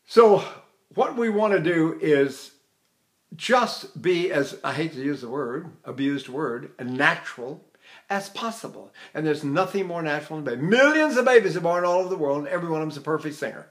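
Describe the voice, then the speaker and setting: An older man teaching singing technique, talking in an animated way, showing vocal sounds and chuckling as he explains. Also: on the high side, normal speed.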